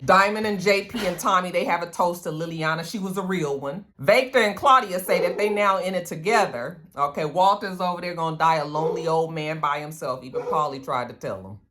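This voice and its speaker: Chatty woman recapping a tv show, bright sharp voice, cusses a lot and acts out lines. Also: low-pitched, a little hiss or hum. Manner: chatty and blunt, swears freely. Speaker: TV recap vlogger. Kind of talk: casual episode recap.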